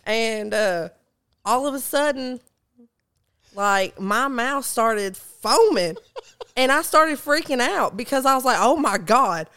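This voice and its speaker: A woman, telling funny stories as a guest in a casual chat, growing animated as she retells them. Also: slow pace, clear, resonant tone. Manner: animated, rises high when retelling her own shouting.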